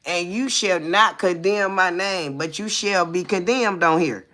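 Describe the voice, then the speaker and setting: A woman's voice: lowish voice, unhurried, bright, forceful tone. A woman in her forties co-hosting a live talk show, telling profane, brash stories and constantly asking her listeners whether they hear her. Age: 40s. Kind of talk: casual live chat.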